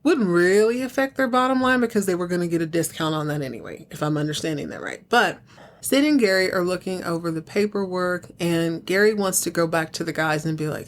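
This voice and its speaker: A woman's voice: expressive, a little fast. A young adult woman hosting a casual solo podcast, chattily recapping a TV soap episode with playful asides. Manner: chatty, playful, acts out characters' lines in higher voices.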